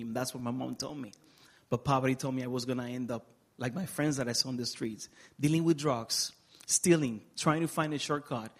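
A middle-aged man from the Republic, telling his life story as an interview guest in an earnest, emotional way with touches of humor. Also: medium pitch. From Dominican Republic. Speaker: guest speaker. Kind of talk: personal testimony interview.

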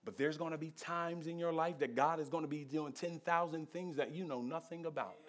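Speaking fairly quickly in a slightly high, steady voice, a man preaches to his congregation. His conversational sermon alternates between forceful, loud stretches and quiet, intense moments.

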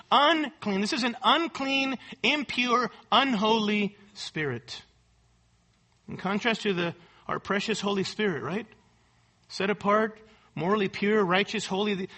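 Bright, high-voiced preaching man. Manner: emphatic, repeats key words, frequent rhetorical "right?". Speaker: pastor. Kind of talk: expository sermon. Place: church service.

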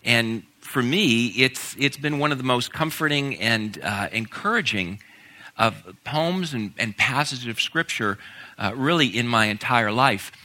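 A man preaching a conversational sermon, talking casually with fillers and growing animated at times. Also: mid-range voice, unhurried. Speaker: pastor.

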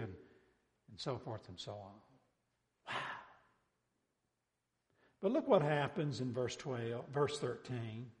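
A man preaching a sermon, emphatic, quizzing his listeners and dropping low on each amen. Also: animated, slow, pauses often, a little mellow. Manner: emphatic, asks the congregation questions, drops low on amens. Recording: long hall reverb.

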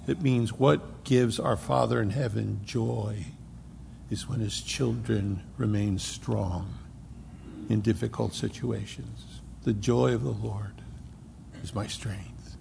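A male pastor preaches an expository sermon in a church sanctuary, explaining scripture verse by verse. His medium-pitched voice is creaky and a little mellow, and the hall sounds reverberant with faint noise.

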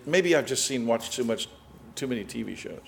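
A man preaching a sermon as pastor, animated, with dramatic swings in loudness and emphasis. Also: medium pitch, brisk, creaky, slight background noise.

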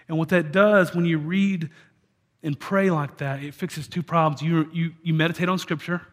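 A man's voice: on the high side, a bit bright. A man preaching a sermon as a church pastor, talking in a conversational way with frequent restarts.

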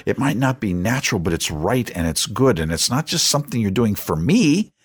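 An older man, a guest on a Christian radio show, telling stories and teaching in an animated, conversational way. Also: fairly low pitch, a little fast, breathy edge, no room sound, clean studio sound. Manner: animated storyteller who jumps into acted voices.

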